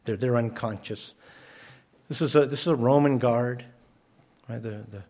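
A man's voice: mid-range voice, moderate pace, warm tone. A man preaching a sermon as pastor, emphatic and often repeating his first words as he starts a phrase.

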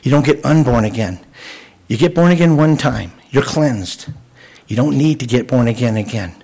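A man's voice: medium pitch, animated, normal speed, gravelly, a little mellow, low-quality recording. Male pastor, mid-range voice, conversational sermon delivery with restarts. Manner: earnest, conversational preaching with frequent restarts.

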